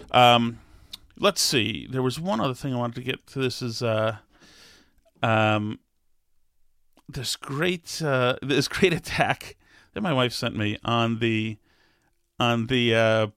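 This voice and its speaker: Smooth-voiced man, halting chatty talk. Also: mid-range voice, fairly bright tone, no room sound, clean studio sound. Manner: halting, many restarts, laughs while reading. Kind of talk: casual solo talk, reading comments aloud.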